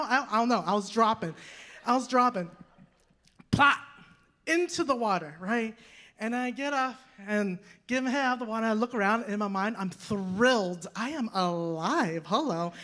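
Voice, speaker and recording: A woman in her thirties preaching a sermon, telling a personal story with lively, acted-out quotes and frequent rhetorical questions. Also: a little high, normal speed. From United States. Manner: animated storytelling, acting out quoted voices, rhetorical "right?". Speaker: guest preacher.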